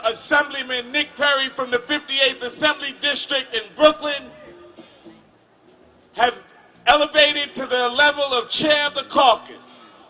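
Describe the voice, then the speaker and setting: A man acting as emcee at a protest rally, building up to a shouted introduction of the next speaker. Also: very high voice.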